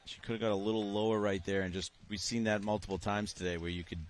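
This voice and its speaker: A man's voice: fairly low pitch, steady tone, fast talker. A middle-aged man with a Boston accent doing live sports commentary, explaining tactics as the play unfolds.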